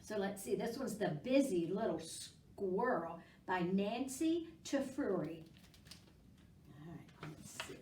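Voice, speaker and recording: A woman, a children's librarian reading storybooks aloud with gentle, encouraging warmth. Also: medium pitch, expressive. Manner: gentle, encouraging, slow and sing-song with kids. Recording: roomy, distant library recording.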